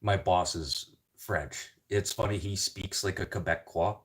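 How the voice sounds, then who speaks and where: A man's voice: sits low, fairly even intonation, unhurried. A man from the Canadian prairies chatting casually in a rambling, joking way, swearing constantly. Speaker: vlogger.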